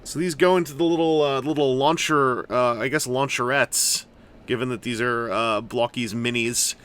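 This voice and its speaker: A toy reviewer rambles casually with jokey asides as he builds and unboxes a collectible toy. His medium-pitched voice is clear and resonant, fairly bright, with fairly even intonation at a moderate pace.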